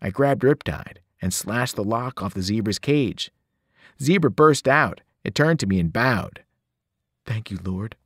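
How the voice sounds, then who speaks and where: A man, a teacher, reading a novel aloud with expressive storytelling. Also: medium pitch, unhurried, no room sound, clean studio sound.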